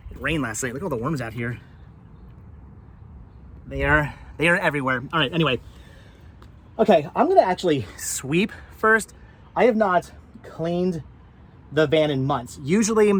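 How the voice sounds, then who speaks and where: Man, vlogger, phlegmy with a cough, a bit higher-pitched voice, rambling self-talk outdoors, camera set down nearby. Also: fairly bright tone, slight background noise. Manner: rambling, repeats words, self-talk while working. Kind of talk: casual vlog chat. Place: outdoors by his van.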